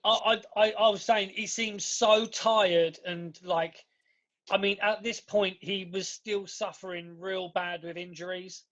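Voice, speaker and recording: High-voiced man, sweary banter. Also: fairly even intonation, a little slow, a bit bright. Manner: swears a lot, stammering restarts. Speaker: podcast co-host. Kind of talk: casual chat. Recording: dull lo-fi podcast audio.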